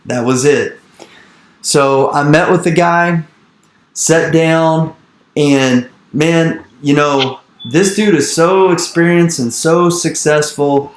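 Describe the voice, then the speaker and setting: A man in his thirties telling an animated story in an interview, repeating his phrases and acting out the dialogue he quotes. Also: fairly high pitch, slow, echoey room. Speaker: real estate investor speaking to an investor group. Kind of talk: energetic storytelling talk.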